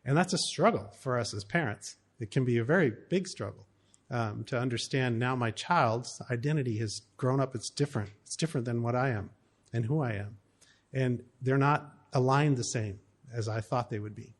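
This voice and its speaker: A man's voice: medium pitch, normal speed. A middle-aged American man giving a talk to an audience, telling stories in a conversational way with plenty of fillers. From United States. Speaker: speaker on cross-cultural family life.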